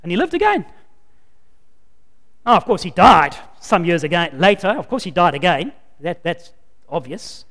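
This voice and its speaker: A man preaching a sermon, his voice sitting high for a man. He drives points home with loud bursts of emphasis, then drops to low, hushed asides. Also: sing-song, normal speed, pauses often, long reverb tail.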